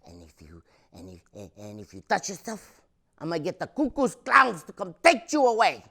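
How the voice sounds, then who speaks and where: A man voicing a tiny, fiery immigrant mother with a Mexican accent, shrill and bossy. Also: steady tone, brisk, warm tone. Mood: scolding.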